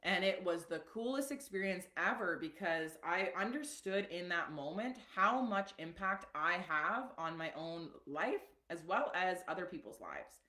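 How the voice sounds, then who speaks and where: A woman coaching on a live stream in a loose, chatty way, full of asides and fillers. Her voice sits somewhat low, and the room adds a noticeable echo. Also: expressive, a little slow, hardly any pauses, pushed and bright. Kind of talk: casual live-stream teaching.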